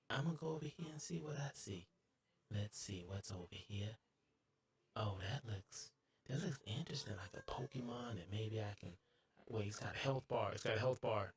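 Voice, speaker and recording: A man streaming a game live, excitable and jokey, breaking into bits of song and sudden high-pitched yelps. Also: moderate pace, husky. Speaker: gaming streamer. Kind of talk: live gameplay commentary.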